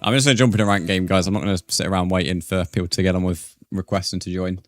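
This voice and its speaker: A man's voice: sits low, fairly even intonation, rapid-fire, no echo, clean studio sound, soft background music. A man streaming a game, chatting casually with viewers and calling them "mate". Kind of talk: casual live-stream chat.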